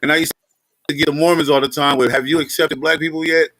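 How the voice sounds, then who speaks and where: A man chatting in a laid-back, halting way, often circling back and repeating words. His voice is a little higher than average. The sound is dry and close. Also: flat delivery, pushed and bright, dry recording, rough recording. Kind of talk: casual chat.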